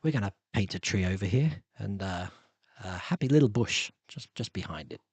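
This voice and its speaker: A man doing an impression of a soft-spoken, soothing TV painter, talking low and hushed. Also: expressive, moderate pace, husky, no echo.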